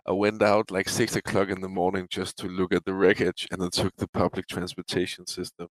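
Very deep-voiced man, dry close sound. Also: completely flat delivery, a little fast, no echo, poor audio. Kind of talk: casual chat.

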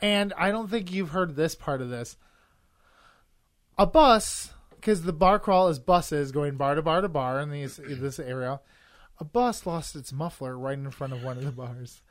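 A woman's voice: sits low, normal speed. Wry, joking woman co-host. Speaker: podcast co-host. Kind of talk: casual chat.

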